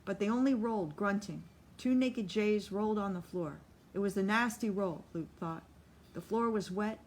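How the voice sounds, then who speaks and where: A woman narrating a novel as an audiobook reader, with steady, measured storytelling. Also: medium pitch, a little hiss or hum.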